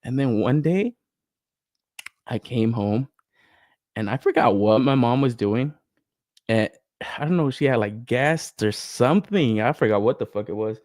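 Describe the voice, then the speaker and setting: Unhurried and pausing often, a young collector-podcast host talks in a mid-range voice, cursing freely and laughing a lot. He grows excitable while telling stories and reading messages from the live chat, and the studio sound is clean with no echo.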